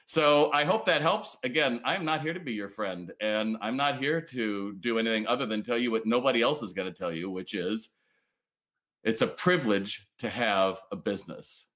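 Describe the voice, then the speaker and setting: A man hosting a business livestream, ranting bluntly and swearing as he pushes retailers to plan and fight. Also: moderate pace. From United States. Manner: blunt, fiery, swears, lively swings in pitch. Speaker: business coach livestream host. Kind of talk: ranting motivational livestream talk.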